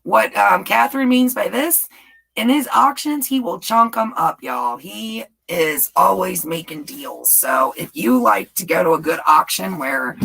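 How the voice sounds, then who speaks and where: A woman's voice: fairly low pitch, vocal fry, fairly bright tone, husky, poor audio. A woman hosting a rambling, casual live chat and reading viewer comments aloud. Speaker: livestream host.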